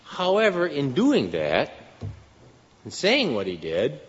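A man preaching a sermon in an earnest style, his voice rising for emphasis. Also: sits high. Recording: dull lo-fi sound with long hall reverb.

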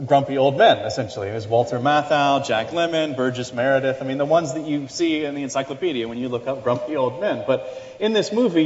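A man's voice: medium pitch, a little mellow. Middle-aged guy preaching, chatty and restarting a lot, long church reverb, kinda muffled. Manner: conversational preaching with repeated restarts and asides. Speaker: pastor. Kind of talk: sermon.

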